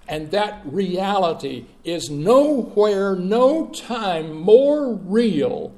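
Slow, emphatic preacher. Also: male voice, high voice, vocal fry. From Mississippi. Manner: emphatic, swinging between soft and loud, with long pauses. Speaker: pastor. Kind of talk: sermon.

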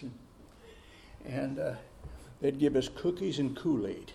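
A pastor preaching a sermon, repeating phrases for emphasis and reading scripture aloud with rising force. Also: male voice, on the high side, vocal fry, dark tone, a little hiss or hum. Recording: roomy echo.

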